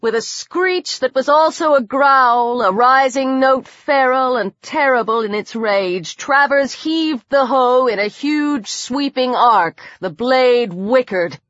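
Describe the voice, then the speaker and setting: A woman narrating a horror novel in a measured, dramatic reading. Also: sits high, fairly bright tone, no room sound. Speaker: audiobook narrator. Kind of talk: scripted narration. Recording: dull dry audiobook recording.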